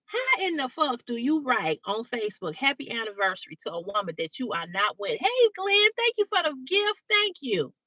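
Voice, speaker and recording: Animated high-voiced woman host. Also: no room sound. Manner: animated, blunt, swears freely, greets viewers by name. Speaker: livestream host. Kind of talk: casual storytelling to live chat. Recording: dry, slightly distant mic.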